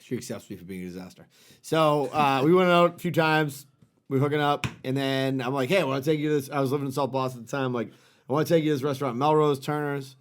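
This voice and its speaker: A man co-hosting a podcast in casual chat, excitable and profane, laughing often at his own stories. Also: medium pitch, fast talker. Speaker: podcast co-host.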